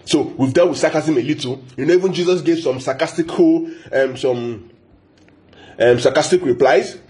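This pastor's voice is on the high side and a little mellow, moving at normal speed. Preaching a sermon, he teaches emphatically, repeats points, and checks in with the congregation by asking "yeah?"

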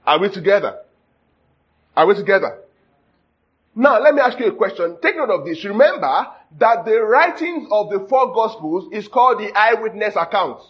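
High husky male preacher, lo-fi. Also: sing-song, moderate pace. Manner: checks in with the audience often, jokes and laughs. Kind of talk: sermon teaching. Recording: dull lo-fi sound.

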